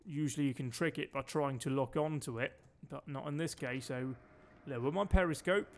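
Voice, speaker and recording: Here a Danish man streams a game at normal speed, his voice medium in pitch. The commentary is casual, chatty and sweary, punctuated by orders barked at his crew.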